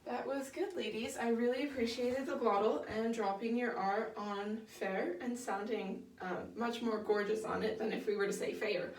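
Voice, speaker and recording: A woman's voice: fairly high pitch, fairly even intonation, moderate pace, few pauses. A young woman leading a women's choir rehearsal, patient and encouraging, with many fillers as she explains singing technique. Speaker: choir director. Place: rehearsal room. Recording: echoey room, voice from far off.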